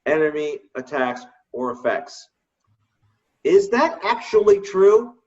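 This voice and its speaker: A man co-hosts a casual gaming chat, voice a bit high and sitting back from the microphone. The recording is muffled and lo-fi. He tells stories in an animated way and laughs often. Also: slow pace, recorded from a distance. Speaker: co-host.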